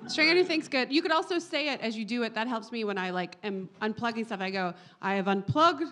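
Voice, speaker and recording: A woman's voice: a little high, fast, a bit bright. A woman in a comedy podcast chat, teasing and giggly.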